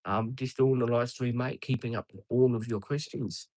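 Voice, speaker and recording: A man's voice: medium pitch, fairly even intonation, moderate pace, a little mellow, no room sound, poor audio. A man with an Australian accent chatting casually with viewers on a live stream, laughing often and calling everyone mate.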